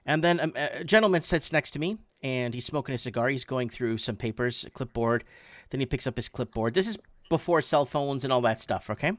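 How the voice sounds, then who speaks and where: A man in his forties telling a story in a casual, animated way, often repeating words for emphasis. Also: medium pitch, brisk, no room sound. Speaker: podcast host.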